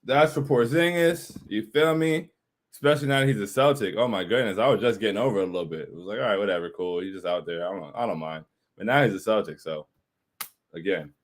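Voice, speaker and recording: A man's voice: lowish voice, quick pace. Man, stream host, casual chat, hyped, emphatic, slangy, repeats himself. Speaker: podcast host reading viewer comments.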